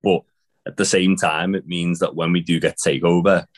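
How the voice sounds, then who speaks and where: Deep-voiced sarcastic man, casual chat. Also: steady tone, moderate pace. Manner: blunt, sweary, sarcastic. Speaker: wrestling podcast co-host.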